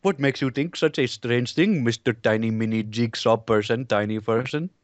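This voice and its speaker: A man's voice: mid-range voice, normal speed, dry recording, close to an everyday voice. A man playing a naive, overly polite talk show host with a put-on Indian accent, speaking in stiff, formal phrasing in improvised comedy. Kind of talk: improvised comedy role-play.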